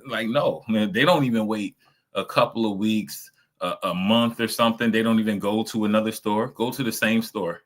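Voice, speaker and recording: A man's voice: lowish voice, normal speed. A man, reacting to videos on a stream. He talks in a blunt, casual way, profane and mocking. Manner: blunt, profane, mocking, acts out quoted voices.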